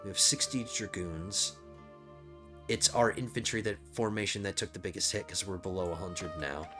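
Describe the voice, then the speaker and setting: A man's voice: sits low, steady tone, moderate pace, music in the background. A man whose voice is strained, casually talking through his moves as he plays a strategy game. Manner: thinking out loud while playing. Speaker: gaming channel host. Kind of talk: casual let's play commentary.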